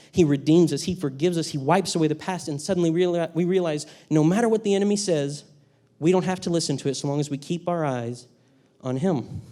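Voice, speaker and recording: A man's voice: on the high side, mellow. A man teaching a university class, lecturing and reading quotations aloud, asking his students questions as he goes. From Texas. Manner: reads quotes aloud, asks the class questions. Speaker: university instructor.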